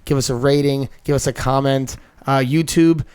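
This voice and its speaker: A young man co-hosting a podcast in a casual, upbeat way, chiming in with quick agreements. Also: medium pitch, steady tone, darkish tone, clean tone. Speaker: podcast co-host. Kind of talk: casual live podcast chat.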